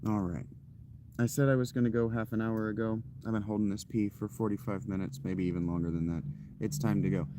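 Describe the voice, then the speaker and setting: A man's voice: on the low side, fairly even intonation, a little fast, noisy background. A man streamer chatting casually to his audience, candid and rambling, often poking fun at himself. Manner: candid, rambling and self-deprecating. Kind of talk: casual chat to a live audience.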